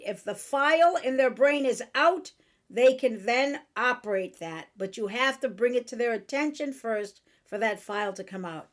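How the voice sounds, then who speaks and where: Earnest self-help host, higher woman's voice. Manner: earnest, frank. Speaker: podcast host and author. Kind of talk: motivational self-help talk.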